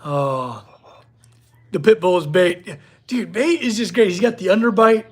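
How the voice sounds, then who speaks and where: A man's voice: sits high, expressive, measured pace, husky. A man hosting a casual livestream from his workshop, chatting with viewers and talking to his dog. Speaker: blacksmith livestream host.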